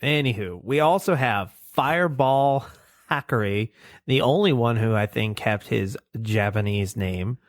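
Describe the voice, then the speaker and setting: A man's voice: medium pitch, unhurried, no echo, clean studio sound. A man co-hosting a podcast, chatting casually and jokingly about an old cartoon. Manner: jokey, riffing, slips into silly voices. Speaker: podcast co-host. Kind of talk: casual cartoon review chat.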